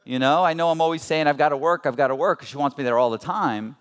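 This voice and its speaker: A fast-talking man with a slightly high voice and clean tone delivers an earnest, conversational motivational talk at a business seminar. He's in his thirties and keeps asking the audience rhetorical questions.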